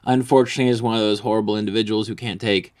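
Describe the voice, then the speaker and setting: Male comedy vlogger, lowish voice, crude boastful rambling rant. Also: fairly even intonation, racing, a little mellow.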